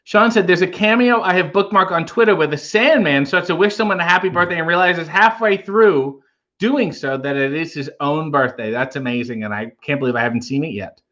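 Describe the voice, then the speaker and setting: A man's voice: a little high, a little fast, sharp tone, lo-fi sound. A man hosting a casual livestream, reading viewer comments aloud and riffing on them with wry humor. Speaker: livestream host reading chat.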